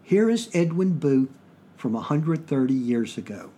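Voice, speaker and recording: A man from Virginia with a Southern US accent, hosting a podcast and explaining things in plain, measured talk. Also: mid-range voice, very animated, dark tone, slightly rough. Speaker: podcast host.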